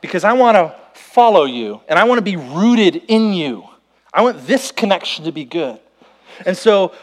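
A young man preaching a sermon, telling stories and acting out conversations with lively, playful delivery. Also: high voice, normal speed. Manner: animated storytelling, quotes himself and others. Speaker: pastor. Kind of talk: sermon with acted-out illustration.

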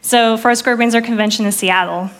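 Woman, 30s, church speaker; earnest testimony storytelling, hushed on quoted prayers. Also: on the high side, fairly even intonation, a little fast. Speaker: preacher sharing testimony. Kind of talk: sermon testimony.

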